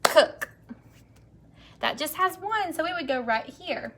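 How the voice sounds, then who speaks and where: A young woman teacher leading an early-grade phonics lesson, stretching out words slowly and praising the children. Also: extremely high pitch, lively intonation, background noise. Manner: slow, drawn-out word modeling, encouraging.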